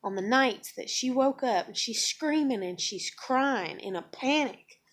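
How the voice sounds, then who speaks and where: Blunt, swearing woman venting. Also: measured pace. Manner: blunt, emotional, swears a lot; acts out others in higher excited voices. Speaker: vlogger. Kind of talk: personal venting monologue.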